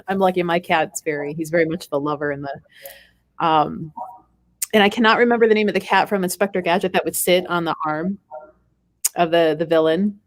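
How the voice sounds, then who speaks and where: A woman telling a relaxed, rambling anecdote in a casual group conversation, laughing often. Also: fairly low pitch, moderate pace, long pauses, no echo.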